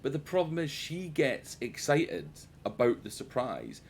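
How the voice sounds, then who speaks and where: A man's voice: mid-range voice, huge pitch swings, a little slow, creaky, a little hiss or hum. A man streaming a game and chatting casually, swearing freely and poking fun at himself. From United Kingdom. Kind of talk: casual live-stream chat while gaming.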